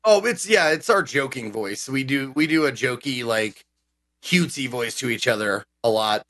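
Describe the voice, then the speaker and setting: A man's voice: medium pitch, lively intonation, moderate pace, a bit bright. A man co-hosting a casual chat show, rambling with lots of restarts and fillers as he tells stories. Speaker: co-host.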